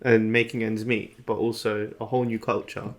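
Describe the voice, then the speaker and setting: A man's voice: on the low side, little pitch movement, moderate pace. Joking young man, podcast co-host. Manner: joking, laughs often. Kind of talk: casual chat.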